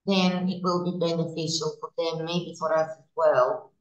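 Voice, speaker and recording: A middle-aged woman co-leading an online teacher training session, explaining in a measured way over a video call. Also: deep voice, flat delivery, lo-fi sound. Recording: echoey room on a video call.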